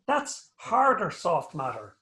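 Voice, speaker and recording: Chatty Irish man, slightly high, recorded in an echoey room. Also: takes it slowly, a little hiss or hum. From Northern Ireland. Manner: rambling, animated storyteller, joking. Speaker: guest, anatomist. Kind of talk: casual interview chat.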